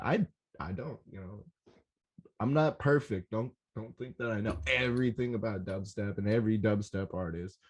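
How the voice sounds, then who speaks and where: Young male podcast host, lower voice, casual, animated, profane, rambling. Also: moderate pace. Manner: excitable, swears a lot, rambling and animated. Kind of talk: casual solo podcast recap.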